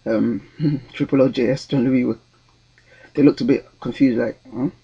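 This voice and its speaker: A man's voice: mid-range voice, fairly even intonation, normal speed, gravelly, mellow, breathy edge, muffled recording. A young man, telling a story in a casual vlog with a rambling, hesitant delivery full of ums and restarts. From London, England. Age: 20s. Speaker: vlogger.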